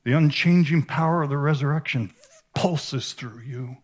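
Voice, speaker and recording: A man giving a sermon as a conference speaker, animated and emphatic, swinging between hushed and raised delivery. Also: fairly high pitch, moderate pace. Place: conference hall.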